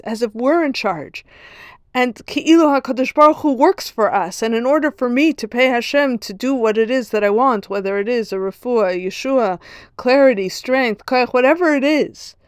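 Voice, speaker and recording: Earnest female Torah teacher, storytelling, higher pitch. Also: no echo, clean studio sound. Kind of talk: religious lesson with a parable.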